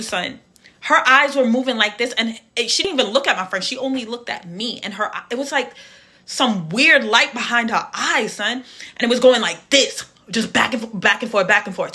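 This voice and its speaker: Woman, emphatic slangy storytelling, bright tone. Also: a little high. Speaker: vlogger telling a personal story. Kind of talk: casual storytime monologue.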